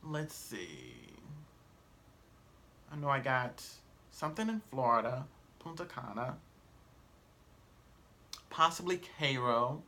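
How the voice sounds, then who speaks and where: Male travel vlogger, chatty and loose, average pitch, stops to correct himself. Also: very animated, takes it slowly, long pauses, sharp tone. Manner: rambling, with many fillers and self-corrections. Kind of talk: casual vlog talk to camera.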